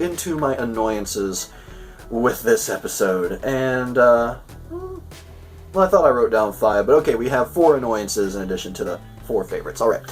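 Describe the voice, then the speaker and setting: A man hosting a casual episode review, talking in a rambling, chatty way and often restarting his sentences. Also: medium pitch. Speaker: show host reviewing an episode. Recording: voice a bit far from the mic, faint music.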